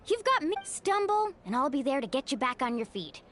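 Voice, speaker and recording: A woman's voice: sits high, sing-song, fairly quick, a bit bright, a little hiss or hum. A woman voicing a confident, encouraging young woman warrior in a video game. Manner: encouraging, breezy. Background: game music.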